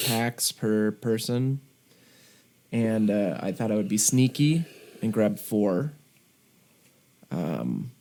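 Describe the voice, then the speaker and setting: A man's voice: lowish voice, mellow. A man co-hosting a podcast, telling a story in a chatty, casual way from his own remote setup. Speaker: podcast co-host. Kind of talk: casual chat.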